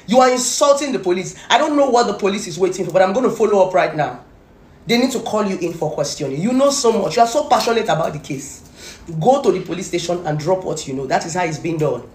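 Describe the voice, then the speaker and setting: A woman's voice: fairly low pitch, darkish tone, echoey room. A woman with a Nigerian accent, ranting angrily and scolding someone directly as a gossip commentator. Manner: scolding, repetitive, confrontational. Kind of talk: angry rant to camera.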